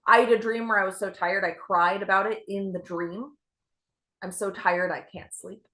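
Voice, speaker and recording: A young adult woman doing a stand-up set with a self-deprecating, deadpan delivery. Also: medium pitch, moderate pace. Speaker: stand-up comedian.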